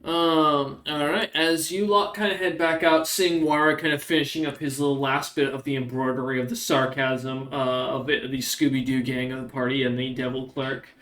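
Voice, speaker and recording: A man's voice: mid-range voice, little pitch movement, moderate pace, few pauses, fairly bright tone, echoey room, far from the mic. A man running a tabletop game as game master, narrating casually in a rambling, joking way.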